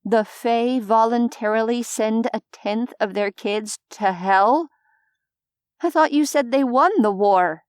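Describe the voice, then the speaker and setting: A flustered young heroine with a nervous, wry edge, read by a woman audiobook narrator. Her voice sits higher and pushes a little louder than the narration. The sound is dry and close. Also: takes it slowly, clean tone, no room sound. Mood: incredulous. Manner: nervous, quipping, hesitant. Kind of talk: audiobook character voice.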